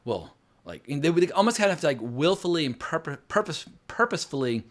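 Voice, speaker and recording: Fast-talking frank man reviewing a film. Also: a little high, animated. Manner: rambling, frank, with frequent fillers and profanity. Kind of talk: casual spoken film review. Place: home, New York City.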